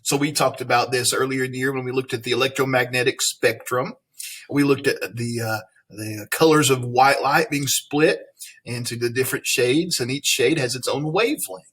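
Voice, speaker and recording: Husky-voiced man teaching a lesson. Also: medium pitch, normal speed, fairly bright tone. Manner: friendly, playful asides to students. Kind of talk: recorded classroom lesson reading aloud.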